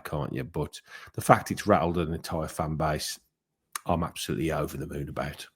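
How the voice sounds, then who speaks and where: A man's voice: sits low, a little mellow. A man hosting his own football fan channel, giving his opinions in a casual, rambling monologue. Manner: conversational, rambling with fillers and restarts.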